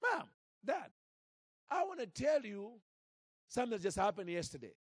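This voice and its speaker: A man voicing an earnest little girl who tells her parents something eagerly, with an excited, breathless delivery. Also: sits high, normal speed, husky, no room sound, clean studio sound, pitched above the performer's own voice, exaggerated voice.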